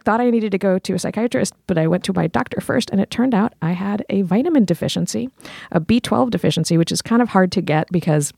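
A woman's voice: medium pitch, quick pace, vocal fry, warm tone, slightly rough, dry recording, studio quality. A woman co-hosting a casual podcast chat, telling stories in a chatty way with lots of "like". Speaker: podcast co-host.

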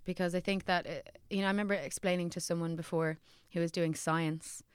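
A woman's voice: on the low side, fairly even intonation, a little fast, clean tone, dry recording, studio quality. A young woman, an actor, chatting candidly on a podcast, swearing freely and laughing as she talks. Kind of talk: casual chat.

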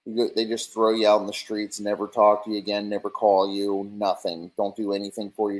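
Man in casual stream rant, slightly low pitch, rambling and foul-mouthed, mocking tone. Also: completely flat delivery, fairly quick, few pauses, poor audio.

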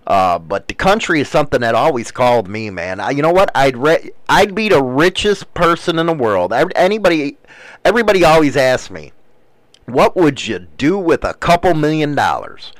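A man's voice: on the high side, very animated, moderate pace, no room sound, rough recording. A married man rambling casually in a profane way, full of fillers and calls of "man". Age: adult, married.

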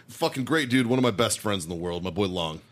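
Excitable swearing male podcast host. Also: fairly low pitch. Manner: profane, excitable, laughing storyteller. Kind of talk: crude casual storytelling.

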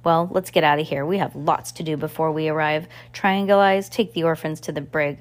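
A woman's voice: sits low, steady tone, fairly quick, close to an everyday voice. A woman voicing a scheming, greedy villainous male count in a storybook reading, with a snarling, gloating delivery.

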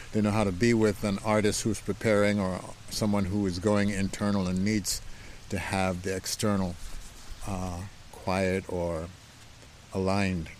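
A man's voice: on the low side, a little hiss or hum. A man who plays the piano speaks in an interview about his practice. He is reflective and uses spiritual wording, circling back on his phrases, seated at the piano in his home. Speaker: pianist guest.

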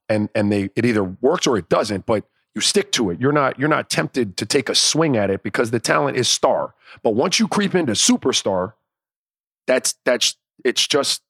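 A man co-hosting a casual sports podcast, talking in animated, profane riffs and acting out imagined inner dialogue. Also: lowish voice, dry recording, studio quality. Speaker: podcast co-host.

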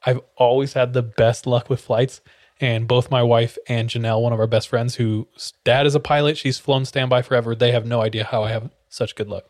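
A young man recounts a story as a podcast co-host, with animated delivery. He breaks into quick voices and sound effects for the people in it. The talk is loose and casual. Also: mid-range voice, dry recording, studio quality. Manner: animated, acts out quotes with sound effects and laughs.

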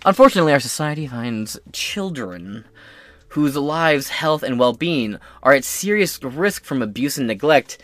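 A man's voice: mid-range voice, animated, normal speed, a bit bright, no echo. A man hosting a podcast, ranting in crude, profane, sarcastic political commentary into a close mic. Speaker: podcast host.

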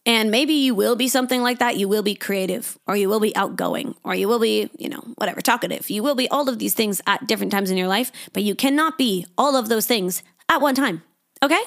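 A young woman hosting a casual solo podcast, talking freely and swearing, who often acts out her own inner thoughts in a higher voice. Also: a little fast. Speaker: podcast host.

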